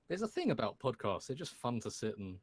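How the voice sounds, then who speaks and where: A young man, a guest on a livestream, chatting in a relaxed way. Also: medium pitch, a little fast, a crowd in the background. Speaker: stream guest. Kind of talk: casual stream chat.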